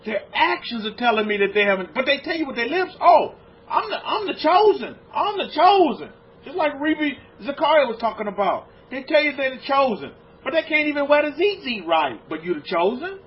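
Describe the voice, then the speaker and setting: A man preaching a lecture-style sermon as a rabbi to his congregation, firing off rhetorical questions and swinging from loud exclamations to low, hushed lines. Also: big pitch swings, a little fast, few pauses, a little hiss or hum. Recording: dull lo-fi recording.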